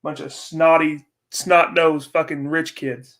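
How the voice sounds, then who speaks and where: A man's voice: a little high, level tone, slow, fairly bright tone. A young man hosting a casual livestream, ranting and swearing in frustration while chatting with viewers. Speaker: livestream host.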